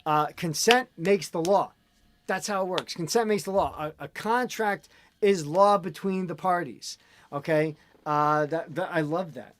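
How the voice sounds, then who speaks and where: A man in casual chat, telling an animated, ranting story as host. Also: high-pitched, unhurried, a little hiss or hum.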